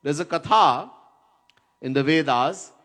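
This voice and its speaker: A man gives a devotional lecture in a fairly high voice, taking his time over every phrase. He tells stories, chants verses now and then, and drives points home by repeating key words. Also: expressive, measured pace, fairly bright tone. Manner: storytelling, chants Sanskrit verses, stresses words by repetition. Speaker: swami giving a spiritual lecture. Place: Trinidad.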